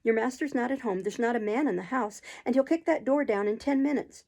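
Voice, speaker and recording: A woman voicing a fretful, bossy undertaker's wife giving hurried orders, in a storybook reading. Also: on the high side, a little mellow. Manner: fretful, commanding.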